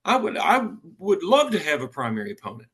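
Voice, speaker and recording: A man, a political candidate talking earnestly in a casual interview, often halting and restarting. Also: fairly high pitch, huge pitch swings, fairly bright tone.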